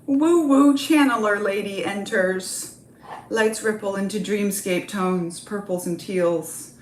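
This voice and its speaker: A woman's voice: medium pitch, echoey room, slight background noise. A woman reading a comedy script aloud, with casual, offhand asides. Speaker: script reader.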